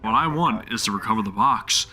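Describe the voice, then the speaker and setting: A man voicing a cold, calm stranger who makes threats, reading game dialogue aloud. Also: on the low side, fairly quick, soft background music, pitched below the performer's own voice.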